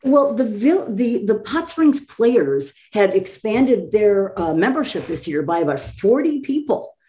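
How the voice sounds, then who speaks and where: Brief: woman guest, mid-pitched, eager and bubbly, talks in quick bursts. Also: dark tone. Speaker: theater group guest. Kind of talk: casual chat.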